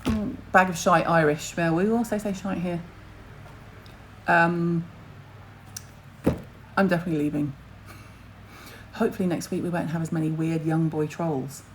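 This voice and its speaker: A woman's voice: on the low side, fairly even intonation, moderate pace, pauses often, a little hiss or hum, rough recording. Chatty, blunt woman host. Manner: chatty, blunt, swears casually, jumps between topics. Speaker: skincare livestream host. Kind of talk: casual livestream chat to viewers.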